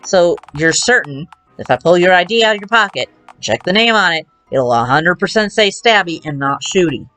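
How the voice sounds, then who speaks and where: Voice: mid-range voice, lively intonation, normal speed, bright, forceful tone, faint music behind. A streamer voicing a pair of dimwitted small-time crooks with a slangy tough-guy drawl, reading game dialogue live. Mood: scheming.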